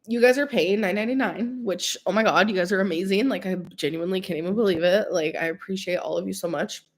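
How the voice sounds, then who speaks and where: A young woman, a live streamer, chatting casually with viewers in a rambling, filler-heavy way while sick. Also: medium pitch. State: sick with a cold-like illness.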